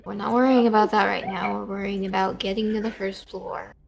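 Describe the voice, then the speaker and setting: A woman playing a tabletop game, calmly reassuring a fellow character and asking practical questions. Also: medium pitch, fairly quick, creaky, a crowd in the background, poor audio. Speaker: player. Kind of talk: tabletop role-play, in character.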